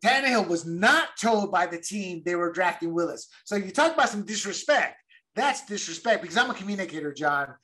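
A man's voice: high-pitched, animated, a little fast, sharp tone. A man co-hosting a podcast, chatting casually and emphatically about football and repeating words as he goes. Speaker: podcast co-host. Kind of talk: casual sports chat.

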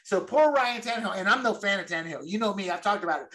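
Bright, high-voiced man talking sports. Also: fast talker. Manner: emphatic, animated, repeats words. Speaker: podcast co-host. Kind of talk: casual sports chat.

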